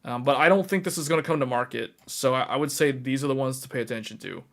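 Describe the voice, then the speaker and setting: A man hosting a casual tech livestream, talking to his viewers in an animated, emphatic way and repeating his key points. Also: medium pitch, quick pace, creaky.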